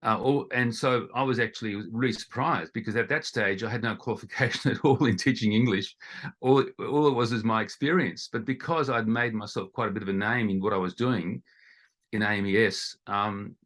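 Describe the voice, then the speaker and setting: A man's voice: fairly low pitch, fairly quick, a bit bright. A middle-aged Australian man, a guest in an interview, talking in a rambling way with many restarts. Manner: rambling, with frequent restarts and fillers. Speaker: guest, ESL teacher. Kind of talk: conversational interview.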